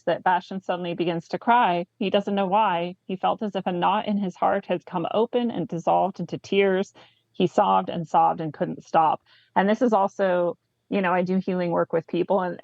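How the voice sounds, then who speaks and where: A woman co-hosting a book club discussion, enthusiastically talking through the story and reading passages aloud, often checking in with a quick "right?". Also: on the low side, steady tone, vocal fry, a little mellow, dry recording, muffled recording. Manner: enthusiastic, frequent "right?" asides.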